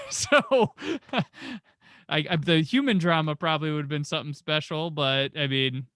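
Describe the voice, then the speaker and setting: A man hosting a movie podcast, talking casually and acting out the people in his anecdotes. His voice is bright and forward, and it sounds dry and close, with little room around it. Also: on the high side, unhurried, dry recording. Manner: animated storyteller, acts out quoted voices. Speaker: podcast host.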